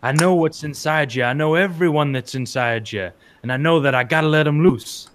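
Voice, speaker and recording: A man's voice: a little high, brisk, fairly bright tone, pitched above the performer's own voice, lightly acted. A man voicing a sinister winged demon prince who coaxes and claims a woman possessively. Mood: seductive. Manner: smooth, coaxing, possessive.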